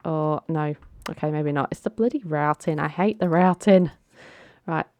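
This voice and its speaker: A woman's voice: low-pitched, moderate pace, a little mellow, dry recording. A young woman casually commenting on a life-simulation game, chatty and coaxing her characters along. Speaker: gaming channel host.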